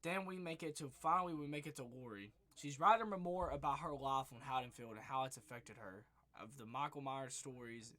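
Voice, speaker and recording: A man's voice: mid-range voice, a little fast, few pauses, pushed and bright. A young man giving a casual spoiler recap of a movie, rambling and swearing freely, leaning on filler words. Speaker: movie reviewer.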